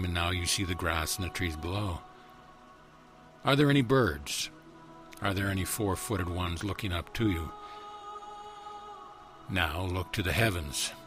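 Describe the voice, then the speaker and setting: Deep-voiced man leading a guided meditation. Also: a bit bright. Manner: slow, measured, soothing cadence with repeated questions. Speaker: spiritual teacher.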